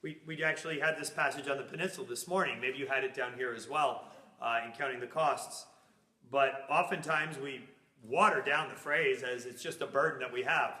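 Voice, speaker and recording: A man teaching a Bible class, animated and acting out little scenes in funny voices as he explains. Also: mid-range voice, normal speed, echoey room.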